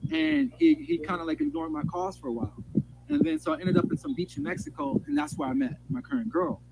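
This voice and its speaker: A man's voice: extremely high pitch, animated, fast, creaky, very noisy. A man telling a rambling personal story in an agitated, emotional way, swearing often and restarting his sentences. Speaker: storyteller in a played clip.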